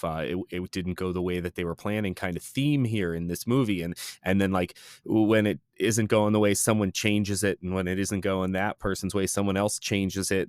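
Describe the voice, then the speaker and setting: A man's voice: low-pitched, dry recording, studio quality. A man co-hosting a podcast, chatting casually and rambling about a film. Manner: rambling, hedging with fillers. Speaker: podcast co-host.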